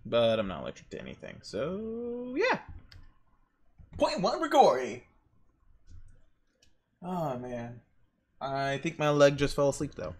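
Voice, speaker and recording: A young man streaming while he draws, rambling through excitable stories and exclamations. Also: fairly high pitch, takes it slowly, long pauses, husky. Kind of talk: casual chat while drawing on stream.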